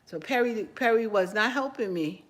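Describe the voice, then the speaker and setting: A woman's voice: fairly high pitch, normal speed, background noise. A woman from New York with a New York accent, chatting casually while she cooks for her channel. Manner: chatty, talks while cooking. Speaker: cooking channel host. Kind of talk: casual cooking vlog chat.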